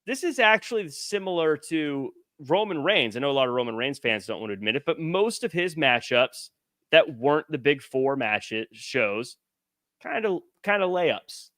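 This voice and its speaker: Bright, animated male podcast host. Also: fairly high pitch, moderate pace, no room sound, studio quality. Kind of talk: casual chat.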